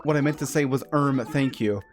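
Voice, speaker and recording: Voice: medium pitch, a little fast, natural voice. A streamer quoting a ditzy shopkeeper lady. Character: ditzy female shopkeeper with a fake accent.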